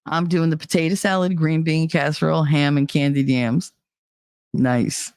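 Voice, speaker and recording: A woman's voice: low-pitched, fairly even intonation, moderate pace, a little mellow, smooth, dry recording. A middle-aged woman hosting a casual solo talk show, blunt and opinionated, swearing freely and laughing often. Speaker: podcast host.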